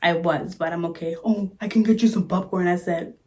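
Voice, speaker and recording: A woman's voice: lowish voice, steady tone, a little fast, darkish tone. A woman vlogger telling a story in a casual chat, sassy and exasperated, recorded on a phone camera.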